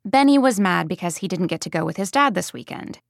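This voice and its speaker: A woman's voice: on the low side, expressive, brisk, gravelly, dry recording. A mother recounts a story about her young son in a plain, conversational way, as read by a woman. The recording is dry and close. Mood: storytelling. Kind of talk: audiobook first-person reading.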